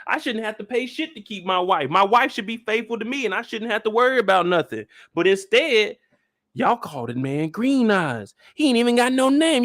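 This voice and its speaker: A man's voice: extremely high pitch, a bit bright, no echo, studio quality. A man hosting a live after-show discussion, ranting in disbelief at his viewers and repeating phrases for emphasis. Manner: talks straight to his viewers. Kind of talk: animated live reaction commentary.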